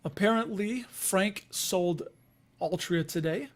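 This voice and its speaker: Chatty Chicago man with a high voice. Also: slow pace. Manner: rambling, chatty, laughs often while talking to viewers. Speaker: investing livestream host. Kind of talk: casual livestream chat.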